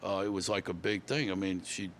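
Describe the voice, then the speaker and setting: An older man with a fairly low voice, telling rambling stories in a relaxed interview. He circles back, repeats words, and restarts his sentences. A faint hiss of noise sits behind him. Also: brisk. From Louisiana. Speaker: guest musician. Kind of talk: casual storytelling interview.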